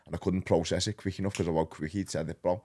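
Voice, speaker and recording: Very deep-voiced Liverpool man telling stories. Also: fast talker. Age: 30s. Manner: rambling and animated, peppered with slang. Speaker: podcast guest. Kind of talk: casual storytelling.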